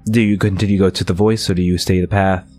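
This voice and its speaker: A man narrating as game master of a tabletop game, slow and atmospheric, with restarts. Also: sits low, level tone, warm tone, soft background music.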